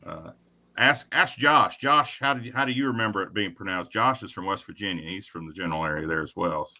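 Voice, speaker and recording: A man's voice: low voice, fairly quick, bright, forceful tone. A man from the Kentucky area hosting a casual livestream interview, easygoing and folksy. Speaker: livestream host.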